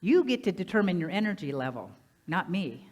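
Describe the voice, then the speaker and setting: A woman minister preaches in a lively, conversational way, pitched a little low for a woman. She often turns to the congregation with questions, and her voice swings up and down in loudness as she goes. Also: brisk. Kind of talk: sermon. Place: church sanctuary.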